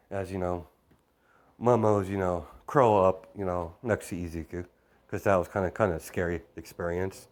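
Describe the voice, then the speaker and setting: A low-voiced man retells a fan story off the cuff. He rambles, restarts often and leans on "you know" at every turn. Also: steady tone, moderate pace.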